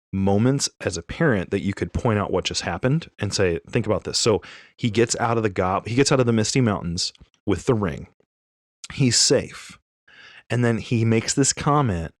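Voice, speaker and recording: A man in his thirties chatting on a podcast, telling an animated, rambling story and correcting himself as he goes. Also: fairly low pitch, dry recording, clean studio sound. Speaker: podcast co-host. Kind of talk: casual chat.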